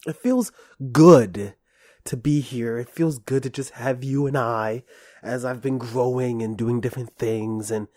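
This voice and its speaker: A man hosting a solo podcast, playful and self-deprecating, rambling with restarts and swinging between whispery asides and sudden loud bursts. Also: medium pitch, little pitch movement, normal speed, no echo, clean studio sound. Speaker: podcast host. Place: small room, recording alone. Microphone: close studio microphone.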